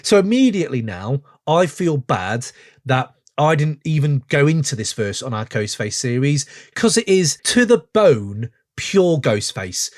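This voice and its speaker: A man in his forties hosting a podcast, reviewing a song in an excitable, gushing way full of rambling asides. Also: mid-range voice, measured pace. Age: 40s. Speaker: podcast host. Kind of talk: casual music review chat.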